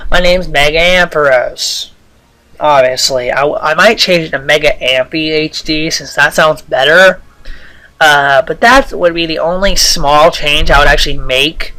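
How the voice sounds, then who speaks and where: Man, game commentary, bright sharp tone, slightly high voice, rambling. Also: poor audio. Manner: rambling, many fillers and restarts. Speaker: gameplay commentator.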